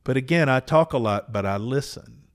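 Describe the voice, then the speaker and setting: A man, telling a personal story as a podcast host, earnest and unhurried, with small restarts. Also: medium pitch. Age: 60s.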